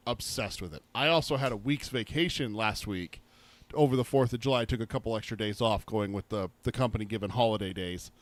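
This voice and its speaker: A man co-hosting a book podcast, telling stories in an animated way, swearing and laughing as he talks. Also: medium pitch, no echo. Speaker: podcast co-host. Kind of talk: casual chat.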